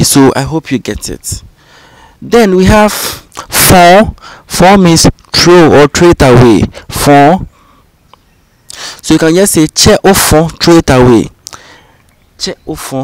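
A man teaching vocabulary, saying each phrase twice in a calm, patient way. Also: a little high, measured pace, no echo, poor audio. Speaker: language teacher. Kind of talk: slow, repetitive vocabulary drill.

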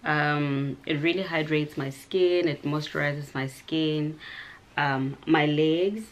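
Sassy low-voiced South African woman. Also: steady tone, takes it slowly. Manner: sassy, dramatic, full of "child" and "honey". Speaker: vlogger. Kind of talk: casual vlog chat.

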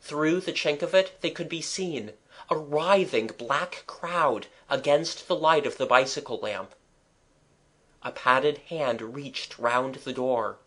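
A man narrating a children's audiobook chapter in a measured, expressive storytelling manner. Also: a little high.

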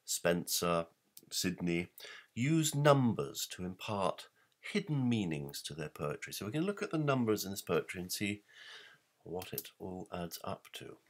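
A man's voice: deep voice, animated, unhurried. A man giving an explanatory talk, emphatic, posing rhetorical questions and reading verse aloud. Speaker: presenter.

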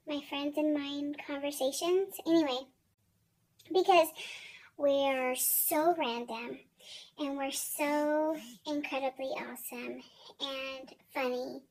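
Young woman vlogger: high pitch, unhurried, rambling and sarcastic with casual swearing. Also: rough recording. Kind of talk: casual chat to camera.

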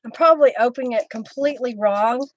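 A woman hosting a live craft stream, chatting warmly with viewers by name as she works. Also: a little high, fast talker, a little hiss or hum. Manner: friendly, talks to viewers by name while working.

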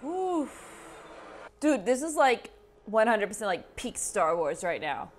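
A woman's voice: medium pitch, sing-song, moderate pace, faint music behind. A woman hosting a reaction video, cheering, gasping, and swearing at what she watches. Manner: loud gasps, cheering, and swearing. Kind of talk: excited reaction commentary.

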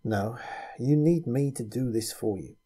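A man's voice: medium pitch, measured pace, mellow, slightly rough. A man voicing a blunt, pragmatic adult man who speaks in a matter-of-fact way.

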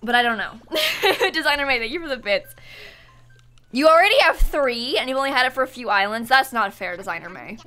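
A woman's voice: on the high side, lively intonation, quick pace, bright, forceful tone. A young woman streaming a game, chatting casually and thanking viewers by name. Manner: chatty, reads chat names and thanks viewers. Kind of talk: casual live-stream chat. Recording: music playing under the voice.

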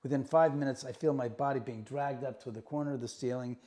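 A man's voice: medium pitch, fast. Middle-aged man telling ghost stories. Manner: animated retelling with acted-out quotes. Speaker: house owner giving a tour. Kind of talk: casual storytelling. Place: inside a house room.

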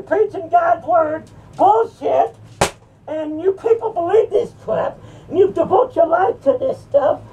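A woman's voice: extremely high pitch, vocal fry, dark tone, muffled recording, heavily acted. A woman voicing a drunk, scornful male hypocrite preacher who taunts and brags in a rowdy comic rant. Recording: distant mic with faint music.

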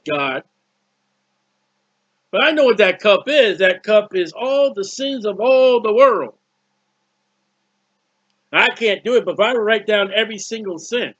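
A man's voice: very high voice, fairly bright tone, no echo. A man preaching a fervent sermon, with many restarts and repeated words. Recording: dull lo-fi recording.

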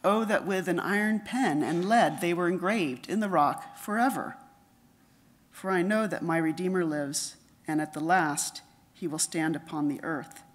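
A middle-aged woman with a voice on the low side reads her paper at a conference in a measured lecture. She drops softer whenever she quotes.

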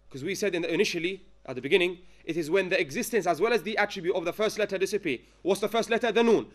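A man with a high voice teaches a tajweed class, dictating notes slowly and checking in with his students after nearly every point. He breaks into chanted verses to show each rule. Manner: dictates slowly, checks understanding with frequent questions; chants Arabic verses when giving examples. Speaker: Quran recitation teacher. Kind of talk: classroom lesson.

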